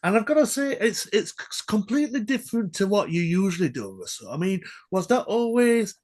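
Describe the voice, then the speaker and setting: A man's voice: sits high, very animated, a little fast, darkish tone. A man hosting a radio interview, asking questions in an enthusiastic, complimentary way. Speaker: radio host. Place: radio studio.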